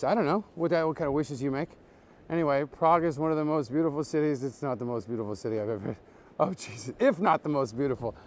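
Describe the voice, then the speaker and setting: A man giving a joking live-streamed walking tour outdoors at night, reeling off absurd fake facts in a deadpan way and greeting viewers as he strolls, recorded on a handheld phone. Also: medium pitch. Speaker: comedy tour guide.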